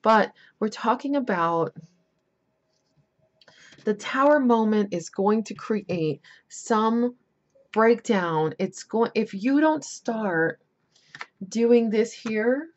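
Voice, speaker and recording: A woman's voice: on the high side, lively intonation, slow pace, pauses often, highs cut off. A woman giving a casual tarot reading, chatty and rambling, with emphatic warnings. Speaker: tarot reader.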